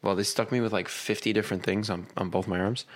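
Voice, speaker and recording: A man's voice: on the low side, fairly even intonation, fast. A young man in his twenties, co-hosting a casual comedy podcast and telling rambling stories full of quoted asides. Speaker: podcast co-host.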